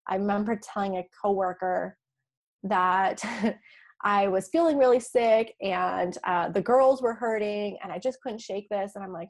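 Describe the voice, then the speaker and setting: Expressive woman telling her story. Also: medium pitch, measured pace. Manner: animated, acts out her own past dialogue; frequent light laughs and restarts. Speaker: interview guest. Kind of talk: personal storytelling in an interview.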